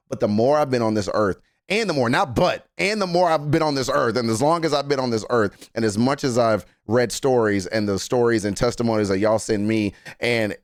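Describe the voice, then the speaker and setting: A man's voice: mid-range voice, dry recording, clean studio sound. A man from Texas hosting a reaction video, talking casually and emphatically, with profanity and repeated phrases.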